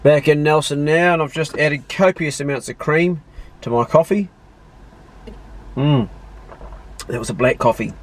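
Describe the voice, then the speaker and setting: A man's voice: fairly high pitch, measured pace, pauses often, a little hiss or hum. A middle-aged man from New Zealand with a New Zealand accent, chatting casually in a travel vlog outdoors on his farm. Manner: easygoing, chatty, talks to his dogs. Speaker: vlogger.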